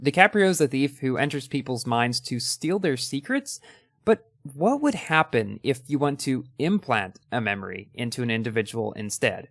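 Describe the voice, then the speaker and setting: A man's voice: medium pitch, animated, moderate pace, a bit bright, no room sound, studio quality. A young man hosting a casual ranking of his favorite movies, talking with enthusiasm and a few ums and restarts.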